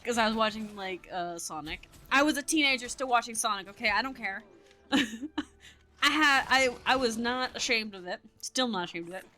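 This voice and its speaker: A woman's voice: fairly high pitch, expressive, moderate pace, bright, forceful tone. A woman chatting casually while playing a game, telling stories in a rambling way and laughing often. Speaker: gamer. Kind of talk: casual gameplay commentary.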